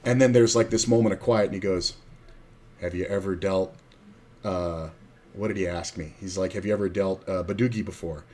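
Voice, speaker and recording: A man's voice: sits low, fairly even intonation, normal speed, a little mellow. A middle-aged man who streams, telling casual, rambling poker stories with plenty of swearing and acted-out quotes.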